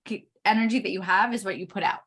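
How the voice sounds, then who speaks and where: A middle-aged woman giving a chart reading, explaining each point slowly with frequent pauses. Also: mid-range voice, fairly bright tone, husky. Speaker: Human Design reader.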